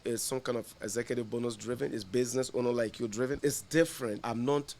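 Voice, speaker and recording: Animated man telling stories on a podcast. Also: mid-range voice, fast. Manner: animated storyteller, laughs through the punchlines. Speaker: guest, insurance agent. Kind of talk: casual podcast storytelling.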